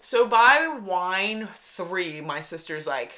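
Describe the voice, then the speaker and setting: A young woman in a loose, rambling chat with a lively, swooping voice and a bright edge. She swears freely and acts out the lines of the people in her story. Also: on the low side, takes it slowly. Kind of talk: casual chat.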